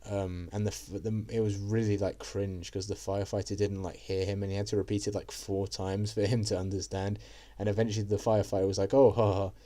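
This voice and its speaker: A man's voice: on the low side, flat delivery, a little fast, warm tone. A young man telling a casual story to camera, rambling with lots of fillers and swearing. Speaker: vlogger.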